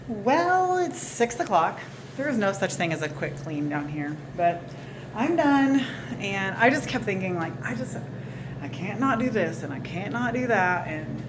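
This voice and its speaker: A woman's voice: lowish voice, noisy background. A woman with a Southern US accent, chatting casually to camera as a vlogger and rambling along with small laughs.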